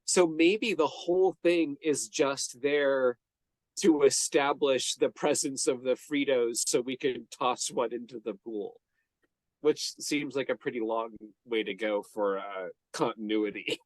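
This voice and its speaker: A man's voice: mid-range voice, measured pace, no echo. A man co-hosting a podcast, chatting casually about a movie, rambling with restarts and frequent laughs. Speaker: podcast co-host.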